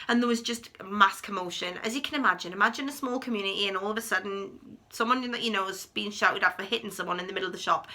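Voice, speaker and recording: Bright-toned woman in her thirties with a slightly high voice, animated storytime delivery. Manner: chatty, animated retelling with acted quotes. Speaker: vlogger. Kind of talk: storytime vlog.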